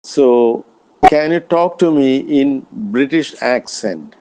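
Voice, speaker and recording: Slow, halting man practicing English. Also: medium pitch, lively intonation, mellow. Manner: careful, halting and polite. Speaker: English learner. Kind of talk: spoken English practice conversation.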